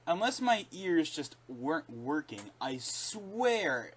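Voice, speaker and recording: A man's voice: a little high, takes it slowly, few pauses, breathy edge. A man giving a casual, opinionated spoken review, rambling and often correcting himself mid-sentence. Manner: rambling, with frequent restarts and self-corrections; animated and opinionated, laughing between points. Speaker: video reviewer.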